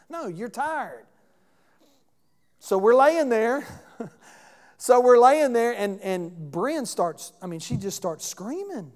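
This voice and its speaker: A man's voice: very high-pitched, animated, slow pace. A man preaching as pastor, telling a story in a conversational way and putting questions to the congregation. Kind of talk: sermon. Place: church sanctuary. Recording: long church hall reverb.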